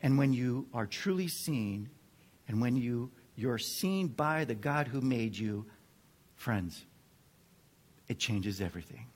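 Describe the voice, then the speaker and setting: A man preaching a sermon to a group of men, earnest and measured, dropping to a hush and then building to fervent emphasis. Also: mid-range voice, lively intonation. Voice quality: drops to a near whisper at times. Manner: slow, earnest delivery with dramatic swings from hushed to fervent.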